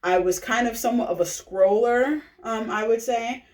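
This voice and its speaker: A woman's voice: on the high side, moderate pace, darkish tone. A woman giving a casual personal testimonial to recruit people into a business, chatty and full of fillers, often tagging on "right?". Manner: chatty, filler-heavy, keeps asking "right?". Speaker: direct-sales recruiter sharing her testimonial. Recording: echoey room, voice from a distance.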